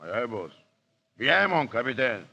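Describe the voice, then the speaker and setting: An actor playing a loyal, eager pirate first mate in a 1930s radio drama. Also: male voice, mid-range voice, big pitch swings, normal speed, bright, forceful tone, exaggerated voice. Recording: dull lo-fi 1930s radio broadcast.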